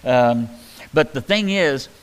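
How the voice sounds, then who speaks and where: A man preaching a conversational Bible-teaching sermon, talking in a halting way with many fillers and restarts. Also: medium pitch, lively intonation, smooth, rough recording. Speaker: pastor.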